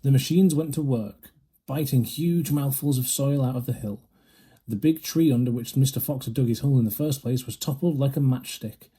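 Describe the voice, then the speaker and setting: A man narrating a children's storybook aloud with a steady, lively manner. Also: mid-range voice, normal speed, husky. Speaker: reader.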